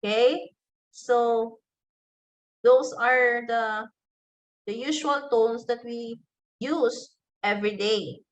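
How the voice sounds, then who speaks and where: Filipino english lady teacher, kinda high voice, talks real slow, repeats the examples. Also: fairly even intonation, dull audio. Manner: slow, deliberate, repeats example phrases aloud. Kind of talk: online class lecture.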